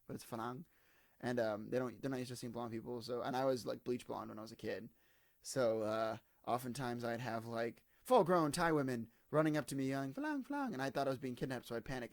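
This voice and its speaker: Brief: man, 20s, vlogger, tired and hungover, rambling and self-mocking, gravelly voice, dry close sound. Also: mid-range voice, no room sound. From United States. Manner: digressive, self-deprecating, full of fillers. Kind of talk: casual rambling monologue to camera.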